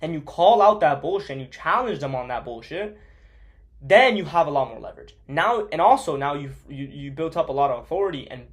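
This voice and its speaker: A young man gives a casual sales coaching talk in a slightly high voice. He is blunt and profane, and he leans on "like" and other fillers as he rambles through his points.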